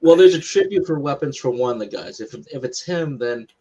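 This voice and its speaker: A man's voice: mid-range voice, lively intonation, brisk, dark tone, breathy edge. A man co-hosting a casual live stream, giving emphatic and opinionated film takes. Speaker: podcast co-host. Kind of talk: casual chat. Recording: slightly dull lo-fi audio.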